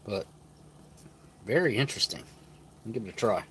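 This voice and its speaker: A man's voice: fairly low pitch, animated, moderate pace, fairly bright tone, a little hiss or hum. A man hosting a live stream, chatting casually as he opens packaging and tastes food, thinking aloud and sometimes talking with his mouth full. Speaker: channel host reviewing rations.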